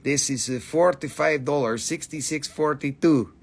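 Jokey guy selling rocks on a live stream, high voice, lots of gravel, swears a bunch. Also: moderate pace. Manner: joking, goofy, swears often. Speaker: host selling minerals on a livestream. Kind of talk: live sales stream, playful chat.

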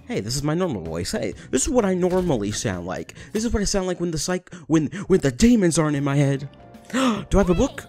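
A young man giving excitable, jokey commentary over a video game, breaking into yelled bursts. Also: medium pitch, quick pace, soft background music. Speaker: gaming YouTuber.

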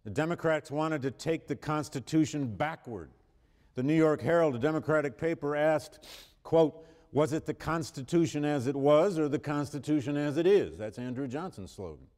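Fairly high in pitch and darkish in tone, a man at normal speed delivers a university history lecture with emphasis. He amends himself as he talks, raises his voice for quotations, and lets out the odd cough, the sound reverberating through a large lecture hall.

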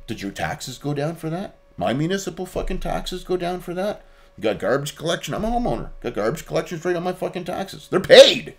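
Profane ranting man, lively pitch. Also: a little fast. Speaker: guest. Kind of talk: casual podcast chat.

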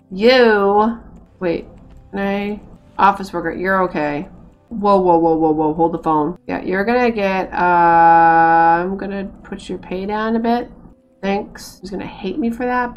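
An American woman talks her way through a game in a loose, chatty stream voice. She is self-mocking and laughs often as she plays. Her pitch sits in the middle of the usual range. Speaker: gaming streamer. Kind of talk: casual let's-play commentary.

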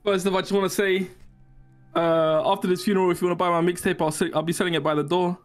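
Flat deadpan man giving a joke eulogy. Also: sits high, fast talker, faint music behind. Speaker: eulogy speaker.

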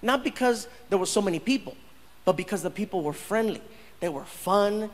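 A man in his thirties doing stand-up storytelling, animated and quick to jump into loud impressions. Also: high-pitched, long reverb tail. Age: 30s. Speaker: stand-up comedian.

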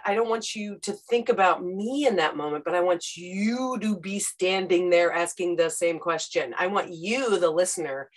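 A woman, a podcast host telling stories on a panel and acting out quotes with casual fillers. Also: mid-range voice. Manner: lively storytelling, acts out quotes, casual fillers. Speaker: podcast host and former radio correspondent, interview guest. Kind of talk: animated panel conversation.

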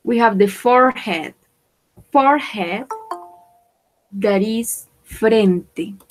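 A woman leads a bilingual vocabulary lesson. She speaks very slowly and deliberately, repeating each English word so learners can copy it. Her voice sits at an ordinary middle pitch. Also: faint music behind, rough recording. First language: Spanish. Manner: slow, repeats words for pronunciation. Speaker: English teacher.

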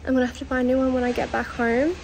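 A woman's voice: high-pitched, little pitch movement, rapid-fire, darkish tone, a little hiss or hum, low-quality recording. A young woman vlogging casually on a trip, talking with lots of "like" fillers and open emotion, filmed on a phone outdoors. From Australia. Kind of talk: casual travel vlog. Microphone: phone held at arm's length.

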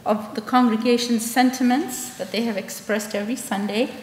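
A woman's voice: on the high side, steady tone, moderate pace, darkish tone. A woman committee member presenting a farewell gift to a minister, playful and teasing. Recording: echoey hall, faint noise.

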